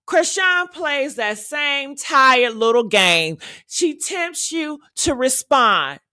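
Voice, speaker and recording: A woman's voice: high-pitched, sing-song, takes it slowly, sharp tone, dry recording, studio quality. A woman hosting gossip commentary, sassy and dramatic, calling her listeners honey and baby. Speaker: commentary host.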